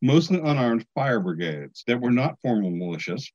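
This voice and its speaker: A man hosting a political talk show with joking, lively banter. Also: mid-range voice, moderate pace, no room sound. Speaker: podcast host. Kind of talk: casual political commentary. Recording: dry, slightly dull sound.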